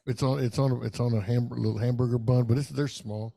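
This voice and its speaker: On a casual podcast, a middle-aged male co-host with a gravelly, dark, mid-range voice tells a rambling, profane story. He speaks quickly in a steady tone, loose and animated, cursing freely throughout.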